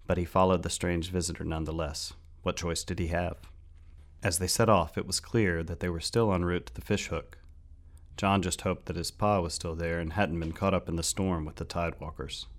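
A man narrating a fantasy story in a steady, measured audiobook style. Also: low-pitched.

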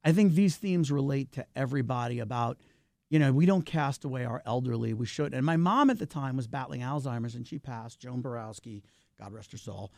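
Brisk and creaky, this middle-aged filmmaker chats animatedly as a guest in a casual interview, his pitch rising and falling freely. The sound is clean studio audio without echo.

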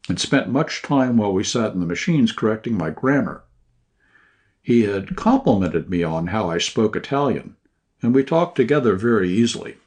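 A man reading a short story aloud in scripted first-person narration, at a measured, even pace. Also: fairly low pitch. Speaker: audiobook narrator.

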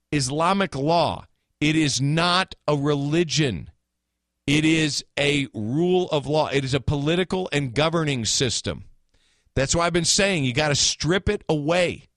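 A man's voice: on the high side, fairly bright tone, dry recording. A man hosting a talk radio show, giving blunt, opinionated commentary with sarcastic asides from a studio mic.

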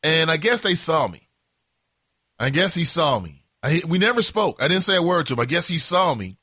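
A man hosting a casual morning talk show, telling a story in an animated, profane way. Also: fairly high pitch, moderate pace, no echo, clean studio sound. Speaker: host.

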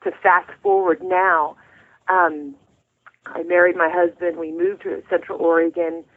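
A woman's voice: on the low side, level tone, a little slow. A middle-aged woman, a guest author, telling her story of faith in an earnest, heartfelt way. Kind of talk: faith testimony in an interview. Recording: tinny phone line.

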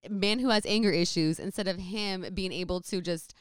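A woman's voice: fairly low pitch, normal speed, few pauses, clean tone, no echo, studio quality. Rambling young woman telling a story. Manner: rambling, filler-heavy, animated retelling. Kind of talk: casual storytelling.

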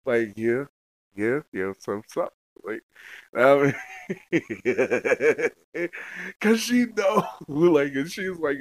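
A man's voice: extremely slow, long pauses, no room sound, low-quality recording. Slangy, rambling podcast man, dry sound. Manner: rambling with heavy slang and profanity, many fillers; gets loud and high-pitched when telling a heated story. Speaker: podcast host. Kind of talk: casual solo podcast monologue.

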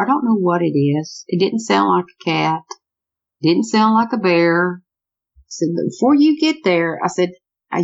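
A woman telling a true story about a strange encounter in a lively, conversational way, often repeating "I said" as she acts out what people told each other. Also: fairly low pitch, gravelly, highs cut off.

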